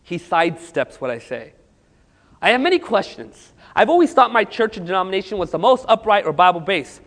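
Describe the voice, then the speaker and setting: A man preaching as a pastor, telling stories with lively acted-out dialogue to a congregation. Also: high-pitched, brisk, long reverb tail. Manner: animated storytelling with acted dialogue. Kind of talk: sermon.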